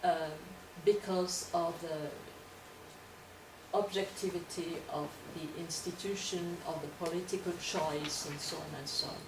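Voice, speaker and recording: A woman's voice: lowish voice, fairly even intonation, measured pace. A woman lecturer answering questions in an academic discussion, hesitant and repeating words as she searches for her phrasing. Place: lecture hall. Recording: echoey room, distant mic, background noise.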